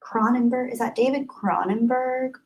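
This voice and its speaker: A woman's voice: on the high side, steady tone, normal speed, poor audio. A young adult woman hosting a casual livestream, chatting and giggling as she answers viewers' comments by name. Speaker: livestream host.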